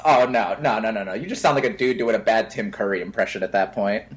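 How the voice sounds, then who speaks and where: A man co-hosting a podcast in casual chat, animated and playful, who likes to mimic voices. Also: fairly low pitch, quick pace, poor audio. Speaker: podcast co-host.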